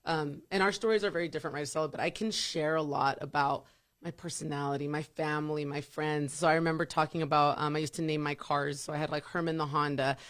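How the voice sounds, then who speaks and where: A woman in her thirties with a deep voice, a radio personality chatting as a guest and laughing easily. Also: fairly even intonation, quick pace. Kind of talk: casual interview chat.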